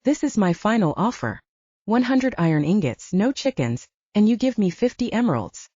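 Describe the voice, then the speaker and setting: A woman's voice: mid-range voice, sing-song, moderate pace, warm tone, husky, dry recording, lo-fi sound. A woman voicing an overly cheerful, sing-song male wandering trader who speaks formally. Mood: haggling. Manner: sing-song, much too happy, formal.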